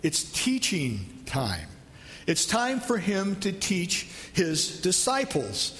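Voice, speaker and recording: A man's voice: high-pitched, wildly swooping pitch, slow pace, fairly bright tone, in a large hall. A man preaching a sermon as pastor, conversational and asking his congregation questions.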